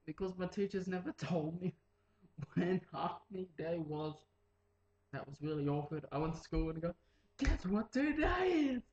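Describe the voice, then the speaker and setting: A man's voice: a little high, flat delivery, normal speed, mellow, echoey room, muffled recording. A teenage boy rambling in a casual vlog, mumbling and jumping into silly voices. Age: late teens. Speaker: vlogger.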